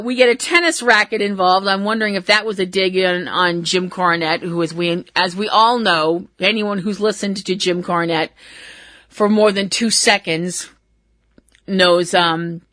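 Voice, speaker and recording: Bright-voiced giggly woman host. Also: medium pitch, no room sound. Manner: giggly, irreverent, swears casually. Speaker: wrestling podcast host. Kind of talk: casual recap commentary.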